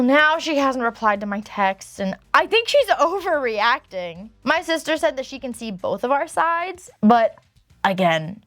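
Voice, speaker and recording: A woman hosting a channel, reading online posts aloud and reacting with animated, dramatic commentary. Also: high-pitched, dry recording.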